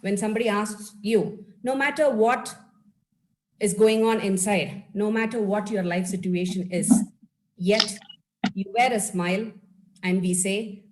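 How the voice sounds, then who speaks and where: A woman's voice: medium pitch, a little slow, noisy background. A woman from India, a life skills speaker, giving a live webinar talk over a video call and encouraging her audience as friends.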